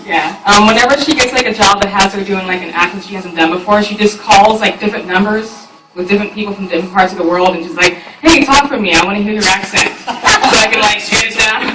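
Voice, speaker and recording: A woman's voice: mid-range voice, steady tone, fast talker. Woman casually telling stories, far-off. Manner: casual storytelling, acts out dialogue. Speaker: voice actor panelist. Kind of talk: convention panel talk. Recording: echoey hall from far off, noisy.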